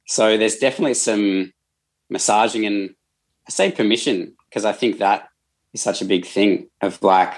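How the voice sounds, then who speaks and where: A man's voice: lowish voice, moderate pace. An Australian man, a counsellor, explaining his work in a thoughtful, earnest way as a podcast guest. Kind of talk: casual conversational interview.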